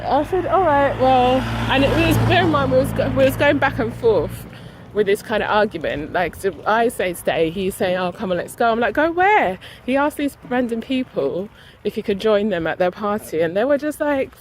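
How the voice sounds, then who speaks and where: A woman's voice: mid-range voice, animated, moderate pace, slight background noise, poor audio. A woman casually recounting a story to camera, animatedly acting out both sides of an argument. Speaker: vlogger.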